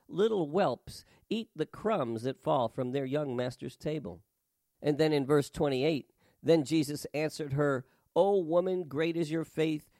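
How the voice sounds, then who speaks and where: A man's voice: a little high, darkish tone, no room sound, studio quality. A man preaching a sermon and reading scripture aloud, with an emphatic, rhythmic delivery that lifts on key words.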